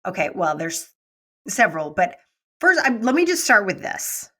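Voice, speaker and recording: A middle-aged woman, a business mentor guest, talking in a casual, animated way and acting out quoted voices. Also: mid-range voice, moderate pace. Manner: animated, acts out quoted voices, laughs often. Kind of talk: casual interview talk.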